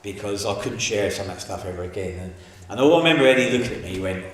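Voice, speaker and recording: A middle-aged man telling his life story in an interview, colloquial and animated, acting out the people in his stories. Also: fairly low pitch, racing. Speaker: interviewee giving a testimony. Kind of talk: candid storytelling. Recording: very echoey room, faint noise.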